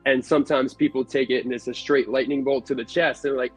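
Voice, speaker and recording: A man with a slightly husky voice talks through his advice in a measured, blunt way, pitched around the middle for a man. Faint music sits under the livestream chat. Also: fairly even intonation, low-quality recording. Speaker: haunt actor and actor manager.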